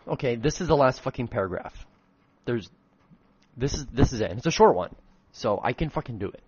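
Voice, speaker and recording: A man's voice: medium pitch, lively intonation, brisk, darkish tone, breathy edge, muffled recording. A man reading his own old fan fiction aloud in a comedic dramatic reading, breaking off for self-mocking, swearing asides.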